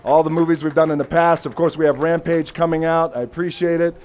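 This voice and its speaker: A man in his forties speaks off the cuff at an outdoor ceremony, his voice sitting a little high for a man. He thanks people one by one and slips in playful jokes at his own expense. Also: fairly even intonation, fast talker, darkish tone. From United States. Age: 40s. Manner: playful, self-mocking asides. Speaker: honoree giving an acceptance speech. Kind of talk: unscripted ceremony speech.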